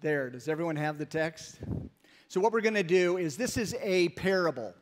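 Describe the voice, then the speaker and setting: A pastor giving an emphatic, storytelling sermon in a church sanctuary. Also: male voice, a little high, expressive, moderate pace. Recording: long reverb in a large hall.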